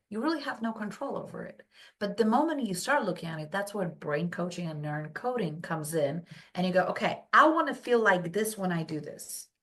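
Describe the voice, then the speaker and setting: A woman from Poland, a brain health coach, telling stories as a podcast guest and acting out quoted voices. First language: Polish. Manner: animated storytelling, acts out quotes in high voices. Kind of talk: casual podcast interview.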